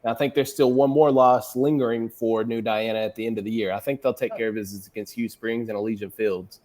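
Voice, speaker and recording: A man's voice: lowish voice, steady tone, fast, darkish tone. A man on a sports show panel, confidently making football predictions and teasing his co-hosts. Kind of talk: casual sports chat.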